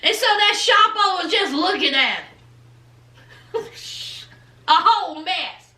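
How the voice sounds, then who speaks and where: A woman's voice: very high voice, animated, bright, forceful tone, echoey room, distant mic. A woman giving a casual, chatty recap of a reality show, laughing often and acting out the cast's lines. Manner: chatty, laughing, acts out the cast in quick quoted voices.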